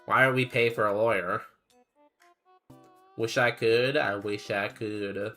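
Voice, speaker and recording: A man's voice: fairly low pitch, fairly even intonation, slow pace, pushed and bright, faint music behind. Laid-back young male game streamer. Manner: laid-back, rambling, reads chat aloud. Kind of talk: casual livestream chat.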